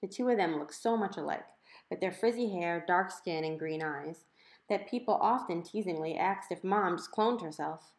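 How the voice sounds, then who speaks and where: A woman's voice: lowish voice, normal speed. Woman reading a novel aloud, roomy echo. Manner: clear, conversational storytelling. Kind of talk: audiobook narration.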